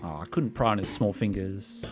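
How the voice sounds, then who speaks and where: A man's voice: on the low side, fairly quick. A young man casually commenting while streaming a visual novel, chatty and joking. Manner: jokey, chatty, laughing often. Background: music.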